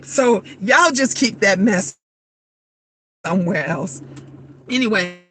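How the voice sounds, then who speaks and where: A woman's voice: mid-range voice, slow pace. A woman in her fifties chatting frankly and animatedly to her viewers after work, acting out the people she quotes. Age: 50s. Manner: animated, frank and blunt, acts out quoted voices. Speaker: vlogger. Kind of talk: casual chat.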